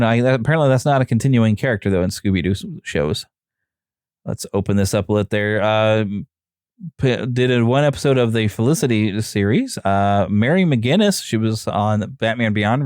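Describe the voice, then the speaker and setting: A man's voice: medium pitch, a little mellow, dry recording, clean studio sound. A man hosting a podcast, talking casually and reading from notes, with frequent "uh" fillers. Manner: chatty, reads notes aloud with many fillers. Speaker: podcast host. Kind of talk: casual solo podcast talk.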